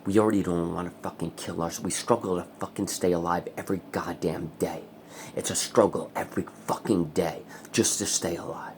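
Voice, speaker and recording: A man's voice: low voice, fairly even intonation, fairly quick, a little mellow, slight background noise. A man angrily ranting in a personal vlog, swearing a lot. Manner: angry, profane ranting. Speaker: vlogger. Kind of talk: vlog rant.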